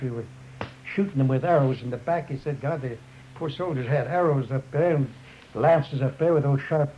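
Man, slightly high voice, telling an oral history in a loose, rambling, repetitive way; dull lo-fi tape with faint hiss. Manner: rambling, repeats "up there", many restarts. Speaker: storyteller.

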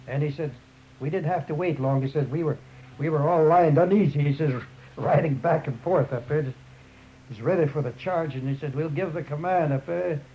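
A man recounts an old story he was told, circling back with restarts and repeated phrases as he goes. His voice sits a little high, heard on a dull, muffled tape with a faint hiss underneath. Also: normal speed. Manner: rambling, repeats "up there", many restarts. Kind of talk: oral history retelling.

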